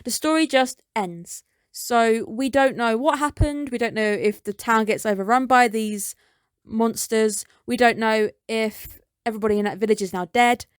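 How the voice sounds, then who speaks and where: A woman's voice: on the high side, normal speed, smooth, no echo, clean studio sound. A woman reviewing an anime episode in a casual recap, chatty and dropping skeptical asides.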